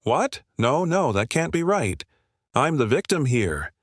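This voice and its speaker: A man voicing a shrill, indignant, entitled middle-aged woman in a narrated story. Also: very animated, moderate pace, no echo, clean studio sound. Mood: shrill outrage. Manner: shrieking, indignant.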